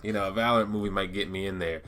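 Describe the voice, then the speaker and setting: A man with a fairly low but bright, forceful voice chats eagerly to his viewers in a casual gaming vlog. He rambles with plenty of fillers, restarts himself often, and keeps the tone loose and excited. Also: very fast, a little hiss or hum. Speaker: gaming YouTuber. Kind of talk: casual lore-talk vlog.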